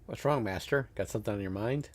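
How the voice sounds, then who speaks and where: A man's voice: fairly low pitch, quick pace, close to an everyday voice. A man voicing a sarcastic, cocky male servant warrior from a visual novel, with a wry, mocking delivery. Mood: concerned. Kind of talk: reading game dialogue aloud.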